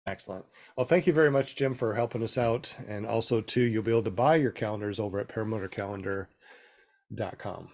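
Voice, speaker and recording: A man hosting a casual panel podcast, relaxed and quick to agree with his guests. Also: fairly low pitch. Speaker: podcast host.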